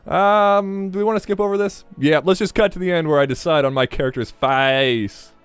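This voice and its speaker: A man's voice: high voice, moderate pace, smooth, dry recording, soft background music. A man hosting a let's play, giving casual, jokey gameplay commentary and swearing freely.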